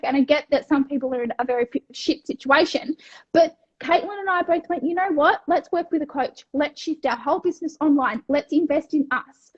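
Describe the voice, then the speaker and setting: High-voiced, blunt Australian woman. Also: brisk, dull audio. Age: 30s. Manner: energetic, blunt, swears freely, acts out her own past thoughts. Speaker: wellness coach and co-host. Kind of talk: casual podcast chat.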